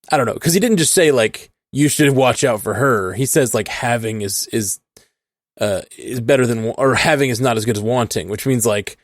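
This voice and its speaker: A man co-hosting a podcast, talking casually in a halting way full of fillers and restarts. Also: mid-range voice, no room sound, clean studio sound. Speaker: podcast co-host. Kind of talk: casual chat.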